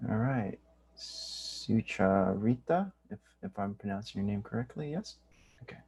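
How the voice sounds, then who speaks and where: A man's voice: on the low side, fairly quick, mellow, breathy edge. A man hosting a virtual graduation, politely introducing student speakers with hesitant fillers. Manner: polite, hesitant, apologetic about names. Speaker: ceremony host.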